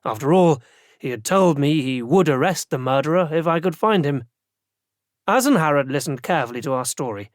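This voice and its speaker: A man narrating a first-person fantasy audiobook in an even, dry storytelling manner. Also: fairly high pitch, a little fast, no room sound.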